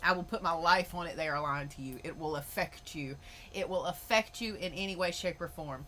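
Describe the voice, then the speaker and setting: A woman's voice: on the low side, fairly quick, pushed and bright, a little hiss or hum. A woman hosting a podcast, ranting in a blunt, emphatic way and swearing freely. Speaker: podcast host. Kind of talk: opinionated podcast monologue.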